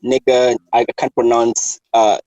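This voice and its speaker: A man hosting a casual chat, animated and laughing often, restarting his sentences. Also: mid-range voice, measured pace, no echo, muffled recording. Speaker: host.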